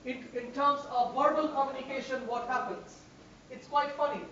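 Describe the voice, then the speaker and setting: A woman's voice: high voice, fairly even intonation, moderate pace, fairly bright tone, slight background noise. A woman trainer teaching a class, stressing words emphatically and repeating phrases to make her point. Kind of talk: classroom instruction. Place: large echoey classroom. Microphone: distant room microphone. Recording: echoey, distant, dull room recording.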